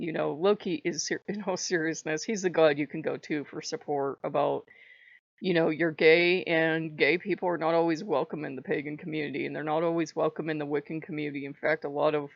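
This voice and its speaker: A woman's voice: sits low, vocal fry, no echo. A woman chatting casually to camera in a rambling way, laughing often and speaking frankly with some swearing. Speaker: vlogger. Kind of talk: casual chat. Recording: dull lo-fi recording.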